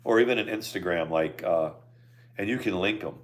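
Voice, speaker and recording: A middle-aged man with a very low voice, chatting on a couple's live stream. He talks in an easygoing, halting way and keeps restarting his sentences. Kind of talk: casual chat.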